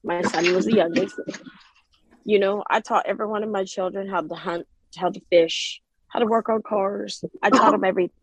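A woman's voice: medium pitch, fairly even intonation, normal speed, breathy edge, dry recording, rough recording. A woman in her forties, from Oklahoma, telling a personal story in a plainspoken, direct way. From Oklahoma, USA. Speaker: guest, mother.

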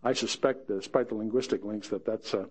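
A man's voice: fairly low pitch, steady tone, fast talker. A man teaching verse by verse through a Bible passage, chatting with joking asides and reading the scripture quotes dramatically.

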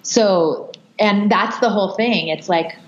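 A woman's voice: medium pitch, takes it slowly, lo-fi sound, a little hiss or hum. A woman parenting coach as a podcast guest, explaining earnestly in casual chat.

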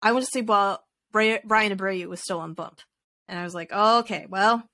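A woman's voice: mid-range voice, brisk, sharp tone. A woman co-hosting a podcast, chatting casually about baseball with laughs and rambling restarts. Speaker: podcast co-host. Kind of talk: casual sports chat.

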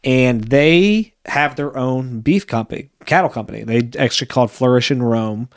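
Male podcast host, mid-pitched voice. Chatty and rambling, with frequent restarts. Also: moderate pace. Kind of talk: casual interview conversation.

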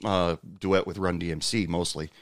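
A man hosting a casual interview, hesitant and quick to laugh. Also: low voice, steady tone, no echo. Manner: hesitant, lots of fillers, laughs easily. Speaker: podcast host.

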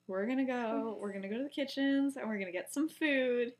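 A woman voicing a calm teenage boy prefect who reassures and takes charge of his friend, close to her own voice. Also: on the high side, a little fast, natural voice. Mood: reassuring. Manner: reassuring, firm.

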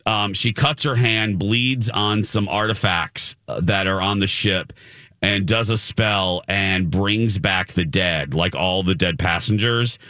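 A man's voice: on the low side, slow pace, sharp tone, no echo, clean studio sound. A man hosting a talk show, chatting casually and acting out quotes as he tells a story. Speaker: radio show host. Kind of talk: casual chat.

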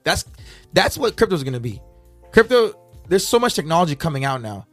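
Hyped crypto dude talking fast, pitch all over, faint music. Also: male voice. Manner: excitable, jokey interjections. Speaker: crypto podcast co-host. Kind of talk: casual chat.

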